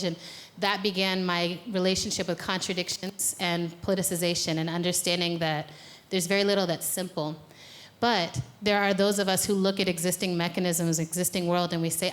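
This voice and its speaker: A woman's voice: on the low side, flat delivery, brisk. An American woman, an organizer, leading a guided exercise and then giving a playful, conversational talk from a conference stage. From United States. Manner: playful, conversational, laughs at own jokes. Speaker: speaker and organizer. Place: conference venue.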